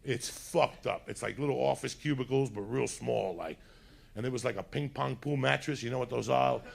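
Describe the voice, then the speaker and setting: A man doing stand-up, telling a rambling, profane story in casual talk and acting out other people's lines, a little high. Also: fairly quick, creaky. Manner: acts out other people's lines in put-on voices. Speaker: stand-up comedian.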